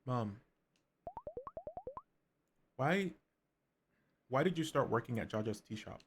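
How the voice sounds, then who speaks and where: Man doing a gentle, earnest grown daughter. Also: mid-range voice, expressive, slow pace, a little hiss or hum.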